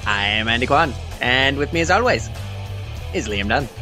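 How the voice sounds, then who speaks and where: A man's voice: medium pitch, lively intonation, normal speed, bright, forceful tone, soft background music, voice pushed down. An American man putting on a mock British accent for a playful, formal-sounding show welcome. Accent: put-on British. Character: man doing a mock British co-host intro.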